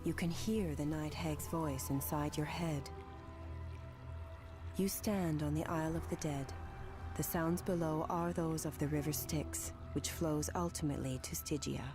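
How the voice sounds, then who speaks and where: A woman with a very low voice reads game narration in an even, measured way with no fillers. Clear background music plays under her. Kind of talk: scripted narration.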